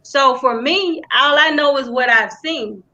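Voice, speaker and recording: A woman's voice: high-pitched, measured pace, pushed and bright, dull audio. A woman speaking earnestly in a casual panel discussion, restarting her sentences often. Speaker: panel guest.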